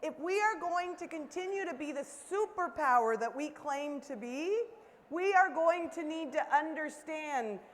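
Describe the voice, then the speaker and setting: High-voiced woman speaker in a reverberant hall. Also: animated, a little slow. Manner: upbeat, coaxes the audience to call out. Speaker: keynote speaker. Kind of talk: interactive conference keynote. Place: large conference hall.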